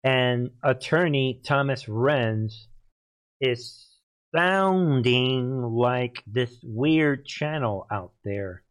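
Excitable man hosting his channel. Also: mid-range voice, drawn-out words, smooth. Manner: excitable, keeps laughing, calls the audience "people", gets loud. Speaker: channel host. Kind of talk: solo commentary monologue.

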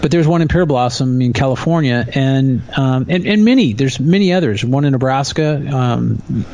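A man in a casual podcast conversation, ranting with indignation and mocking others in quick quoted asides. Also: mid-range voice, animated, darkish tone, no room sound.

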